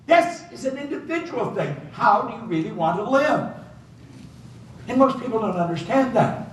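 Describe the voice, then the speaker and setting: Older guy doing a motivational seminar, emphatic storyteller, pitch jumps all over, sounds far off in a big echoey hotel room. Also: sing-song, moderate pace, a little hiss or hum. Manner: emphatic storytelling, repeating key phrases. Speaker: motivational speaker. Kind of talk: seminar talk to a live audience.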